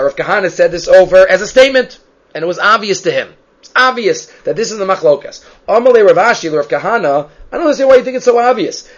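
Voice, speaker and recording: Man, high voice, Talmud teacher, reads and translates, muffled lo-fi sound. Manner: reads Hebrew and Aramaic phrases, then translates them. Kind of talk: explaining a Talmud text. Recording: muffled lo-fi recording.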